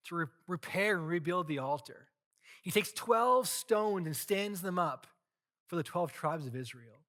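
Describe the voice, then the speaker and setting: A male pastor preaching a sermon, retelling a scripture story in a casual, animated way. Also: on the high side, a little slow.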